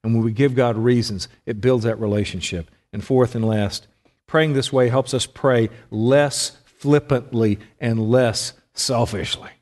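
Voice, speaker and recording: A middle-aged preacher gives a conversational sermon, often putting questions to his listeners. His medium-pitched voice is steady, unhurried, and darkish. The sound is that of a big room.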